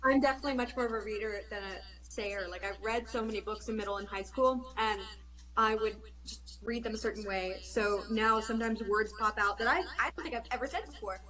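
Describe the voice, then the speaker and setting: A woman's voice: fairly high pitch, fairly quick, a bit bright. A woman guest on a podcast, chatting in a rambling, casual way. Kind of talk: casual chat. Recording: echoey room.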